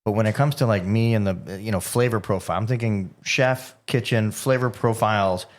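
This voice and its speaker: Low-voiced man thinking aloud. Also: normal speed. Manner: thinking aloud, restarts, builds a point. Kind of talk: casual chat.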